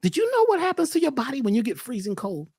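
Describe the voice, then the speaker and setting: A man as a podcast guest talking casually in an animated, preachy way, often repeating words as he starts a thought. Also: very high-pitched, quick pace, breathy edge, dry recording, studio quality.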